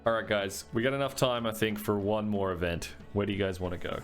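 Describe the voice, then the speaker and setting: A man's voice: fairly low pitch, a little fast, soft background music. A man narrating a tabletop game as dungeon master, loose and chatty with frequent fillers.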